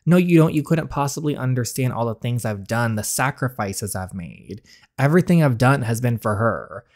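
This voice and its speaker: A man's voice: medium pitch, animated, moderate pace, a little mellow, close to an everyday voice. A man reading an earnest southern older sister. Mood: anguished. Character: young southern woman, protective older sister.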